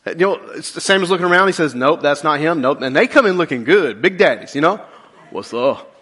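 A male pastor preaching a sermon, joking with the congregation and dropping low and slow for key points. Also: expressive, a bit bright, breathy edge.

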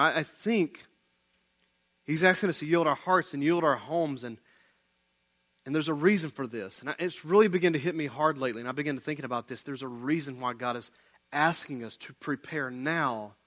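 A man preaching a sermon as pastor, conversational and animated, often saying "man, listen.". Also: mid-range voice. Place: church building, online service.

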